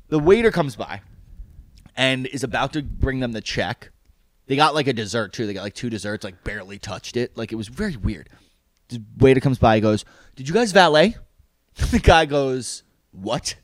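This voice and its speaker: A man telling a story in casual chat, animated and profane, with lots of "like". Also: medium pitch, no echo.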